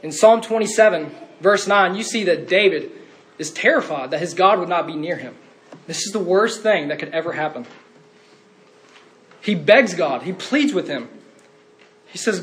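A man's voice: high-pitched, animated, moderate pace, fairly bright tone. A man preaching a sermon in an earnest way, rising to fervent cries when quoting.

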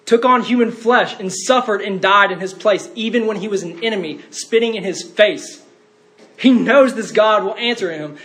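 A man's voice: sits high, a bit bright. A man preaching a sermon in an earnest way, rising to fervent cries when quoting.

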